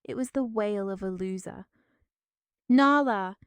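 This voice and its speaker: A woman narrating a family drama in a steady, dramatic storytelling style. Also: mid-range voice, a little slow, smooth, dry recording.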